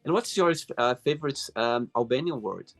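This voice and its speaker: A male host asking interview questions over a remote call, reacting with quick, expressive exclamations. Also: mid-range voice, faint music behind.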